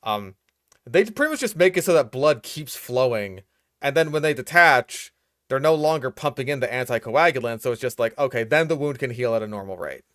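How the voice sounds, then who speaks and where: A man's voice: medium pitch, lively intonation, brisk, fairly bright tone, dry recording, studio quality. Exasperated, swearing young man. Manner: exasperated, profane, nitpicking. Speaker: host reacting to a video. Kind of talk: casual reaction commentary.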